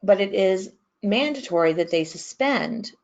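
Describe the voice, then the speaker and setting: A woman's voice: mid-range voice, expressive, measured pace, darkish tone. A woman from San Antonio, presenting a legal training webinar in a chatty, joking way. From San Antonio, Texas. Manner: chatty, self-deprecating, joking. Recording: slightly muffled online audio.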